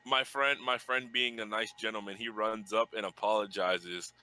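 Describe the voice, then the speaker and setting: A man's voice: on the low side, fairly even intonation, normal speed, sharp tone, clean tone, poor audio. A young man hosting a casual podcast, telling a story loosely, swearing and laughing as he goes. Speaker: podcast host.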